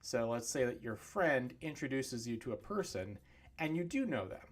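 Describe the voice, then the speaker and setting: A man teaching English pronunciation on a livestream, demonstrating sounds slowly and clearly. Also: mid-range voice, sing-song, soft background music. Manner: slow, clear over-articulated demonstrations.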